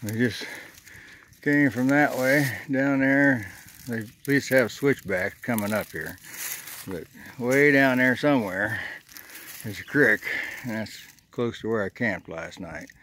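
A man's voice: medium pitch, slow, fairly bright tone, slight background noise. Folksy man vlogging on a hiking trail. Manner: rambling, folksy, thinking aloud. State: out of breath on the climb. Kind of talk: casual vlog narration while hiking. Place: outdoors on a wooded ridge trail.

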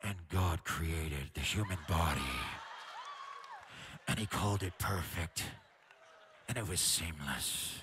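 A booming, very low trailer narrator drawls each phrase slowly in a hushed, dramatic tone. Steady background noise sits under the voice. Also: male voice. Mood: solemn. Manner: slow, dramatic, hushed delivery. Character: deep solemn male movie-trailer narrator.

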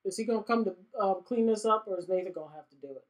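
A woman chats her way through a life-sim game in casual let's-play commentary. She laughs often and slips into quick voices for the characters. Her pitch sits in an ordinary middle range. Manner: giggly, animated, voices characters in quick asides. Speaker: gaming YouTuber.

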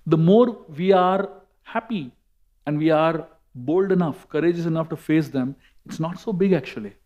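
A man with an Indian English accent giving a sermon, telling a story in a lively way with emphatic repetition. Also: on the high side, moderate pace, highs cut off. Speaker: monk and speaker.

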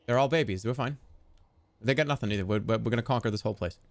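A man streaming a strategy game, excitable and swearing, yelling commands at his units. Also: medium pitch, quick pace. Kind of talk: live gameplay commentary.

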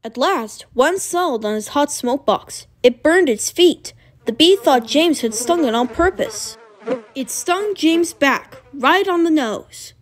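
A woman narrating a storybook with an expressive reading. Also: sits high, slow. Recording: music playing behind. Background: music.

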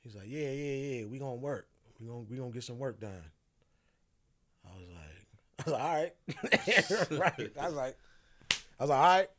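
A man's voice: mid-range voice, a little fast, pauses often. A man who is a podcast guest, casually telling a story, acting out the quoted dialogue and laughing often.

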